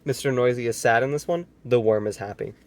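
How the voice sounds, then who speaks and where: A man's voice: medium pitch, brisk, a little hiss or hum. A man reading a children's book aloud and breaking off for sarcastic, incredulous comments. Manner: sarcastic asides, incredulous questions. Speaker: reader.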